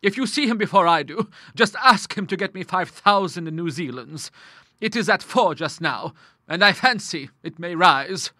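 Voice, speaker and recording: Man voicing a stern older woman, severe, scornful, high, very bright, dry close sound. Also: lively intonation, normal speed, no room sound. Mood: businesslike. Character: stern, grim middle-aged woman, bitter widow.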